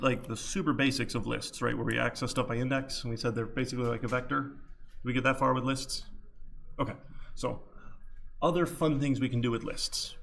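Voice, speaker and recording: A man's voice: mid-range voice, creaky, fairly bright tone, a little hiss or hum. A man teaching a college programming class in a casual, chatty lecture, often checking in with "right?". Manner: chatty, filler-heavy, repeats "right?".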